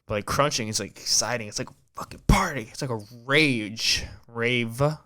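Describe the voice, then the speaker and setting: Guy rambling on his podcast, stutters a lot, keeps restarting, smooth clear voice. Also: medium pitch, normal speed, bright, forceful tone. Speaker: podcast host. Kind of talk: casual rambling monologue.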